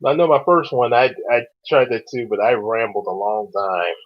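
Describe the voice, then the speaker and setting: A man reading his own novel aloud, with casual, animated asides. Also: mid-range voice, moderate pace. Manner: animated, laughs often, quiet asides. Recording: dull lo-fi recording.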